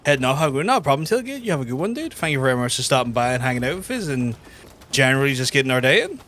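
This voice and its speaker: A man's voice: mid-range voice, very animated, rapid-fire, a bit bright. A young man commentating his own gameplay live, sweary and blunt, ranting between fights. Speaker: gaming streamer. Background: game music.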